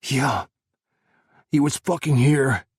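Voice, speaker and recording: A man's voice: mid-range voice, slow, slightly rough, no room sound, studio quality. A man voicing a distraught soldier who curses bluntly. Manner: cursing, blunt. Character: foul-mouthed male soldier, distraught. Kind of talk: audiobook character voice.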